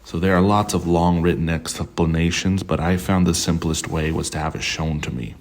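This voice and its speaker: A man teaching grammar to camera in an unhurried way, with frequent ums and uhs. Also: low-pitched, fairly even intonation. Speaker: language tutor.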